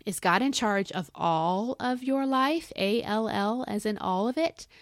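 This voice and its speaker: A woman talks through a devotional podcast in a mid-range voice, earnest and encouraging as she puts questions straight to the listener. She leaps to bright emphatic highs and then drops to soft low asides, and her voice is slightly dry and cracking from thirst. The sound is close and dry, with no room around it. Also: expressive, a little slow, dry recording. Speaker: podcast host.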